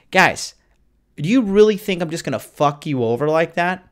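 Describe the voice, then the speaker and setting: A man's voice: a little high, sing-song, normal speed, a bit bright. A man hosting a casual livestream from his home, reading viewer comments and rambling in a loose, profane, boastful way. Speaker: dating coach and livestream host.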